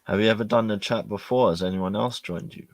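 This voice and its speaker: A man's voice: fairly low pitch, brisk, dry recording. A man living in London, a guest on a live stream who chats in a laid-back, dry way with short answers. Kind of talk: casual chat on a call.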